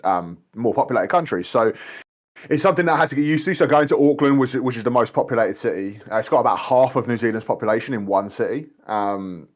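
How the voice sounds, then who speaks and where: A man in his thirties with a London accent, chatting casually as a guest poker player in a loose, rambling way. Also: on the low side. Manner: laid-back, rambling, says "mate" a lot. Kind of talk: casual chat during an online game.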